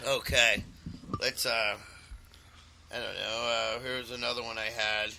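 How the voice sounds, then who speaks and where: A man's voice: mid-range voice, little pitch movement, a little slow, pushed and bright. A man chatting casually as a guest on a comedy podcast, rambling with fillers.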